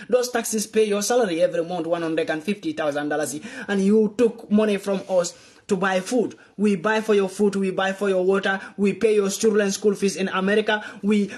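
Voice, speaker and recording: A man speaks in a high voice, delivering an impassioned political address. He swings between fiery, accusing outbursts and low, urgent pleading. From Gambia. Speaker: political commentator.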